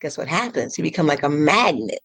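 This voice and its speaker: Woman coach on a podcast, kinda low voice, dry close sound, laughs a lot and does silly high voices for her thoughts. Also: fairly quick, vocal fry, slightly rough, dry recording. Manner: animated, laughs often, acts out her inner voice in high playful tones. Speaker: transformational coach, podcast guest. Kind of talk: casual podcast interview.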